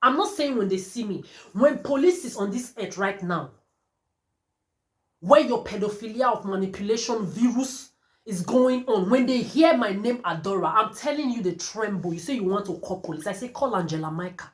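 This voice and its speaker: A woman's voice: medium pitch, animated, moderate pace. A woman delivering a defiant, profane rant to camera. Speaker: vlogger. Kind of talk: angry monologue to camera. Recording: roomy echo.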